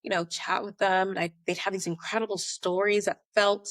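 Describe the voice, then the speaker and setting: An American woman telling her story as a podcast guest, animated and conversational, acting out remembered dialogue. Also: mid-range voice, brisk, no echo, clean studio sound. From United States. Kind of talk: conversational interview.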